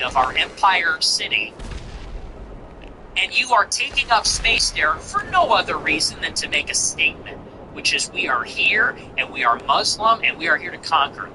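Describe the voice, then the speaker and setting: A man's voice: high-pitched, noisy background. A male host delivering a heated, profane, mocking monologue. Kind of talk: ranting monologue.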